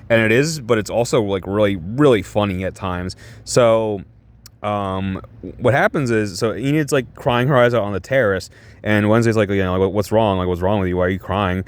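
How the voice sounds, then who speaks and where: Excitable rambling male reviewer. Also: lowish voice. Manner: excitable, rambling, swears a lot. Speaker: show reviewer. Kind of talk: casual review vlog.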